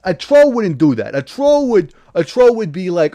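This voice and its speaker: A man with a somewhat raised voice hosts a comic livestream rant in character. He rambles and restarts his sentences constantly. Every so often he flares up into loud, indignant outbursts. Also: high-pitched, big pitch swings, moderate pace, few pauses. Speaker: livestream host. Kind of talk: satirical in-character political rant.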